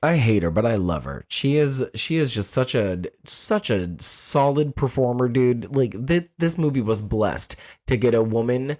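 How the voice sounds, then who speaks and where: Animated man on a casual podcast. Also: medium pitch, a little slow, few pauses. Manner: animated, profane, acts out movie characters. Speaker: podcast co-host. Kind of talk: casual chat.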